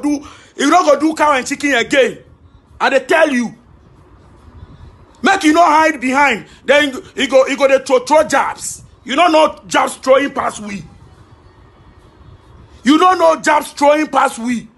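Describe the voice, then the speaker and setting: A Ghanaian man scolding someone in pidgin, half shouting. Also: very high-pitched, a little slow, pauses often. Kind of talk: scolding video message.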